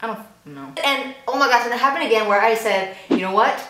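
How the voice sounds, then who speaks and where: A young woman giving casual reaction commentary, chatty and quick to exclaim and gasp. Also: a little high, big pitch swings. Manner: chatty, exclaims and gasps often. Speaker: YouTube reactor. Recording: echoey room with faint noise.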